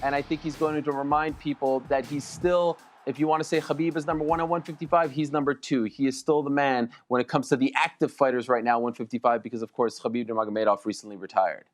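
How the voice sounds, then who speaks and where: A man's voice: mid-range voice, fairly even intonation, quick pace, hardly any pauses, soft background music. A man talking sports as a guest on a panel show, emphatic and boastful, repeating lines for effect. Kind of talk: excited sports talk.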